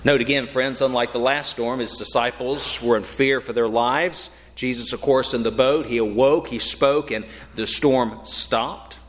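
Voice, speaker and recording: A man preaching a sermon with emphatic, dramatic delivery, slowing on key phrases and rising sharply for emphasis. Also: mid-range voice, steady tone. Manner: dramatic, emphatic delivery with slow drawn-out phrases and sudden rises. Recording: long hall reverb.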